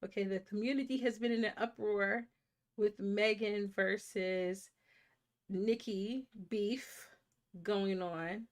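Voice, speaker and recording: A woman's voice: mid-range voice, steady tone, slow pace. A woman in her thirties hosting a live movie watch stream in casual chat, a little congested from a sinus infection and greeting viewers by name.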